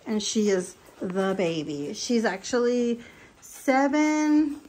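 A woman in her forties talks to her camera at home, chatty and gushing, slipping into fond baby talk with her dogs. Her voice sits a little high and her pace is unhurried and drawn out. The delivery is relaxed, everyday vlog chat. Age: 40s. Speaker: lifestyle vlogger.

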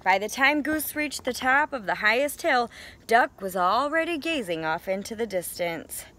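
A woman teacher reading a picture book aloud to young children, in a gentle, expressive storytelling manner. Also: fairly high pitch, moderate pace.

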